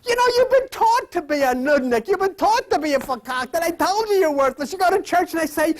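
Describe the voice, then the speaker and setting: Very high-pitched and extremely animated, a man teaches a Bible lesson as if preaching a sermon, moving fairly quickly with hardly any pauses. His emphatic, repetitive delivery swings between loud and whispered, and he often quizzes his listeners.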